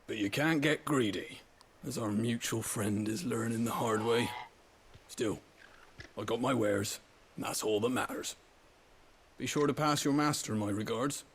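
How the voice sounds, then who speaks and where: Game role: shrewd, chatty stable master. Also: male voice, medium pitch, unhurried, creaky, slight background noise. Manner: chatty, knowing, easygoing. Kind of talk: game dialogue.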